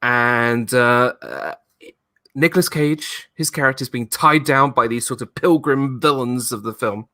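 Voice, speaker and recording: A man hosting a casual live-stream chat over a video call, talking with enthusiasm and loudly acting out movie quotes. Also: medium pitch, measured pace, no room sound. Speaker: host.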